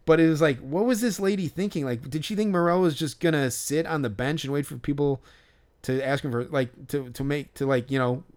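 A man's voice: fairly high pitch, brisk, a little mellow. Ranting, foul-mouthed man. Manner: profane, ranting. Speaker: podcast co-host. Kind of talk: casual chat.

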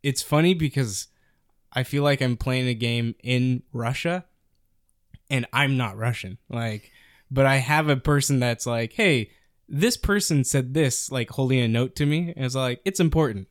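A man's voice: medium pitch, moderate pace, clean tone, no room sound. Young male co-host, chatty and rambling, clean resonant tone, dry room. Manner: rambling, animated storytelling with many fillers. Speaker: podcast co-host. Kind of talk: casual chat about video games.

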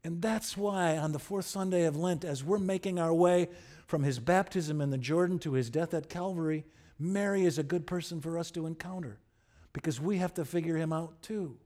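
Brief: male pastor, higher-pitched, animated storytelling sermon. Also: moderate pace. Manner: animated, humorous storytelling with wide swings in loudness.

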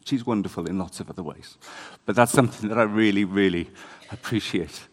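A man giving a conversational, animated sermon in a church. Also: fairly low pitch, a little fast. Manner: conversational, animated, self-deprecating. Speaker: preacher.

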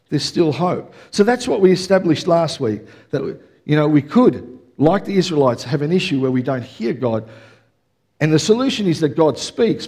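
A middle-aged man preaching a conversational sermon, often checking in with the congregation. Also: fairly high pitch. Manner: energetic, conversational preaching with audience check-ins. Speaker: pastor.

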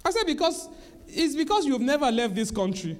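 A man's voice: very high-pitched, big pitch swings, fairly quick. A man preaching a sermon in church, emphatic and repetitive, speaking straight to the congregation.

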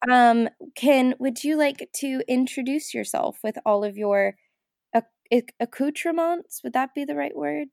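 A woman's voice: high voice, gravelly, darkish tone, dry recording, clean studio sound. An American woman hosting a podcast, playful and joking in casual chat over a remote call. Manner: playful, quick to laugh and joke. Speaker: podcast host. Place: outdoors in a field in Tennessee.

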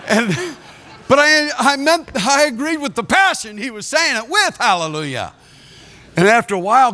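A man's voice: very high voice, bright, forceful tone. A man preaching a sermon as a pastor, telling a story with laughter and acting out the people in it.

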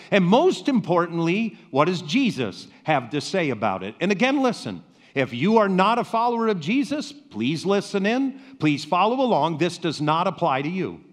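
A man preaching a sermon as a pastor, with slow, emphatic pauses and rhetorical questions. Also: a little high. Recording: reverberant hall.

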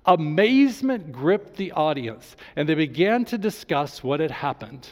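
A man's voice: on the high side, big pitch swings, normal speed, hardly any pauses, in a large hall. A male pastor preaching a sermon with enthusiasm, reading scripture aloud to his congregation.

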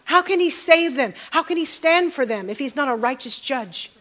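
A woman's voice: high-pitched, expressive, normal speed, fairly bright tone. A middle-aged woman preaching a sermon, calling out to the congregation and repeating phrases for emphasis.

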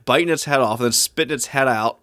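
Male co-host, wry and animated, mid-pitched, dry close sound. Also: fast, no room sound. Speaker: podcast co-host. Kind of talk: casual chat.

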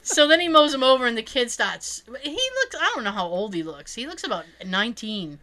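A woman chatting casually, telling an animated story and acting out the people in it, laughing often. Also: a little high, fairly quick. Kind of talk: casual chat.

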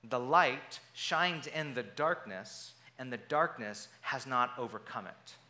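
A man preaching a sermon, retelling a scripture passage with animated storytelling and briefly acting out the voices of the people in it. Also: medium pitch, takes it slowly. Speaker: pastor.

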